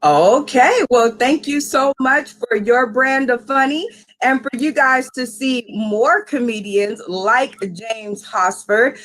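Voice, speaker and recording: Female host of a live comedy show, high pitch, slow playful delivery. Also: a bit bright.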